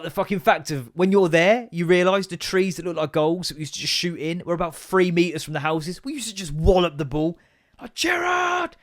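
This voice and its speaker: A man, hosting a casual solo podcast and ranting in a sweary, sarcastic, animated way. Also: on the high side. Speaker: podcast host.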